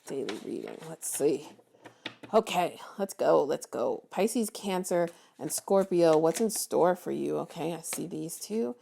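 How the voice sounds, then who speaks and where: A woman's voice: low-pitched, expressive, unhurried, vocal fry, mellow, slight background noise. A woman giving a casual, encouraging tarot reading, chatty with many ums and restarts. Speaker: tarot reader.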